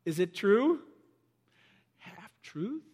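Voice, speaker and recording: A man preaching a sermon as pastor, animated and acting out the voices of people he quotes. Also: sits high, extremely slow, husky, big-room sound.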